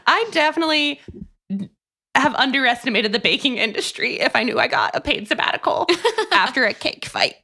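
A woman's voice: high-pitched, lively intonation, a little fast, gravelly, pushed and bright. A woman co-hosting a podcast, retelling a book's plot in casual chat, full of "like". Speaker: podcast co-host. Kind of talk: casual book-review chat.

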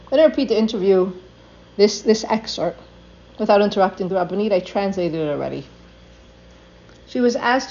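An older woman, a Torah teacher, gives an earnest religious talk in which she reads passages aloud and then translates them. Her voice is mid-range and darkish, captured on a dull lo-fi recording.

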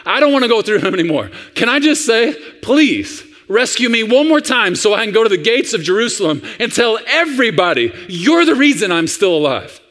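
A man's voice: sits high, very animated, fairly quick, hardly any pauses, fairly bright tone, in a large hall, pitched above the performer's own voice. A man voicing an earnest, devoted little boy who begs and repeats his words. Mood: eager. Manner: breathless, begging, repeats words.

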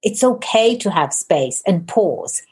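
A woman hosting a podcast interview, talking quickly and enthusiastically in a casual, effusive way. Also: lowish voice, lively intonation, darkish tone. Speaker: podcast host.

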